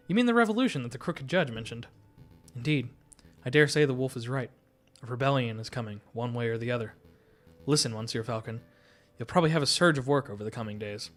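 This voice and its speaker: Reading lines for a game's suave fox detective, this man keeps a smooth, courteous, measured delivery at an ordinary mid pitch. His intonation is lively and lightly acted, and his mood comes across as knowing.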